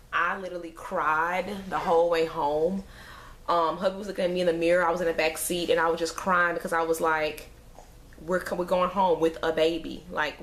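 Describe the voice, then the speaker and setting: Emotional woman chatting with sighs. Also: fairly low pitch. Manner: emotional, sighing, rambling with many fillers. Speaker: mother vlogger. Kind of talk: casual chat to camera.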